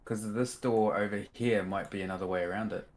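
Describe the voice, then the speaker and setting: A player in a tabletop game, thinking aloud hesitantly with pauses and restarts. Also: deep voice, fairly even intonation, darkish tone. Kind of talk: casual tabletop game chat.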